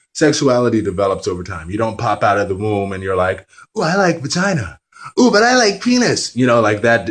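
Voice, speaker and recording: A man's voice: lowish voice, poor audio. A man talking candidly to camera in a casual vlog, rambling with self-deprecating, apologetic asides. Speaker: vlogger.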